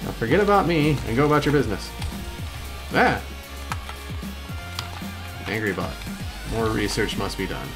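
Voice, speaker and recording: A man hosting a gaming video, giving excitable gameplay commentary and yelping high when things go wrong. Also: moderate pace, long pauses, music in the background. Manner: excitable, yelps high-pitched when upset.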